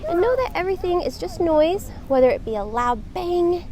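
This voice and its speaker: A woman's voice: extremely high pitch, animated, normal speed, dark tone, slight background noise. A woman, a yoga instructor live-streaming from the beach, chatty and welcoming as she greets her viewers. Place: outdoors on a beach.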